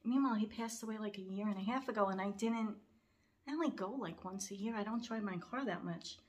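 A woman's voice: mid-range voice, fairly quick. Middle-aged woman, casual vlog storytelling, rambling, heartfelt, near tears, nervous little laughs. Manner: rambling and heartfelt, with frequent fillers and restarts. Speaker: cross-stitch vlogger.

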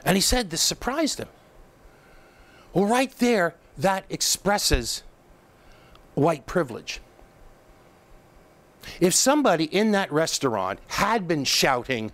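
A man's voice: fairly high pitch, lively intonation, moderate pace. A man hosting a political commentary show, talking in an emphatic, scornful monologue that mocks his targets and often restarts his sentences.

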